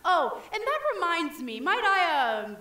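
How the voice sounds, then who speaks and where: A woman's voice: very high voice, sing-song, measured pace, sharp tone, exaggerated voice. A woman playing a tipsy, world-weary chaperone with a languid, grand theatrical delivery on stage. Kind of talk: amateur stage musical acting. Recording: distant, roomy stage recording.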